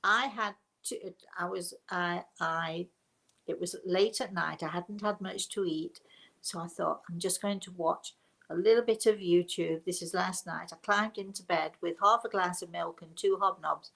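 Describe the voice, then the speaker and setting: A woman's voice: lowish voice, fairly even intonation, moderate pace, gravelly, a bit bright. A middle-aged woman from England hosting a live question and answer stream as a psychic medium, talking in a chatty, rambling way with many restarts. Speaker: psychic medium and show host.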